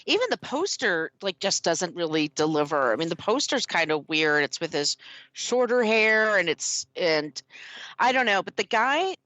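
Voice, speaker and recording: A woman co-hosting a podcast in casual chat, emphatic and quick to agree. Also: on the low side, big pitch swings, a bit bright, dry recording, dull audio. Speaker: podcast co-host.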